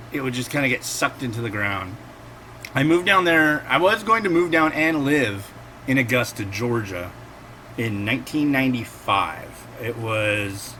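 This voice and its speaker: Bright-voiced rambling man, casual vlog. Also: mid-range voice, slight background noise. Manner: rambling and digressive, acts out quotes. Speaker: instant noodle reviewer and host. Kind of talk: casual chatty cooking vlog.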